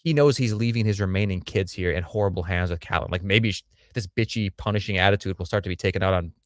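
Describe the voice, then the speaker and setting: A man's voice: sits low, quick pace, dry recording, clean studio sound. A man co-hosting a casual show review livestream, blunt and crude with joking asides. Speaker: podcast co-host.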